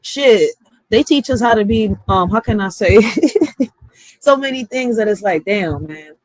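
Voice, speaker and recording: A woman's voice: mid-range voice, animated, measured pace, dry recording, rough recording. A woman in her thirties chatting casually on a live stream, candid and rambling, often swearing and asking "right?". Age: 30s.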